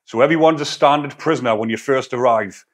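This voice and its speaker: A man's voice: mid-range voice, a little fast. A man, a former prisoner, giving a blunt, casual opinion monologue full of prison slang. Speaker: YouTube commentator, former prisoner.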